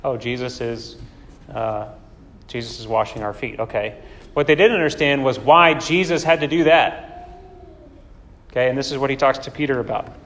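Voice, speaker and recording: A man's voice: medium pitch, normal speed, pauses often, fairly bright tone. A man preaching a sermon in a conversational way, often asking rhetorical questions. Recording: long hall reverb.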